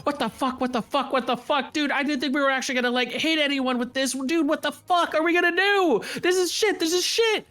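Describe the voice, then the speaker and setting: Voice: fairly quick, few pauses, a bit bright. A game master voicing a frantic, foul-mouthed young woman who panics and repeats herself. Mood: panicked. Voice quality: shrill, high and cracking.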